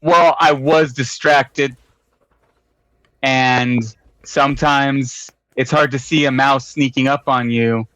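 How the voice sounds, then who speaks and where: A man playing a wiry swordsman who speaks slowly and carefully. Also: mid-range voice, a bit bright, no echo, low-quality recording. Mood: joking. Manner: slow, measured delivery. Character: wiry male swordsman, wry and guarded.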